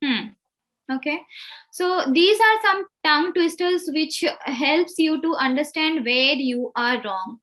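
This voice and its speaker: A woman soft skills trainer teaching pronunciation in a live online class, speaking deliberately and over-enunciating her examples. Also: sits high.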